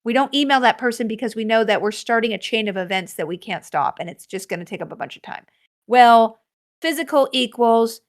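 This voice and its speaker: A woman hosting a solo podcast, chatting casually with self-deprecating, animated asides. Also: a little high, a little fast. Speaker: podcast host.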